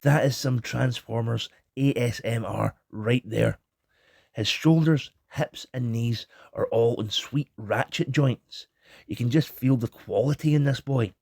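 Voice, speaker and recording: A man's voice: mid-range voice, a little slow, vocal fry, darkish tone, dry recording, studio quality. A Scottish man giving a cheeky, irreverent toy review in a scripted comic style.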